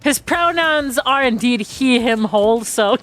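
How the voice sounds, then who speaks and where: A woman's voice: a little high, expressive, unhurried, a bit bright. Playful woman streamer, music faintly behind. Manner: playful, laughs often, breaks off to joke. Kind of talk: reading game text aloud with casual commentary.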